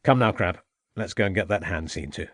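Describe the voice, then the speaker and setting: A man voicing a calm, compassionate Victorian police inspector who speaks with measured courtesy. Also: low voice, dry recording, studio quality. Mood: kindly.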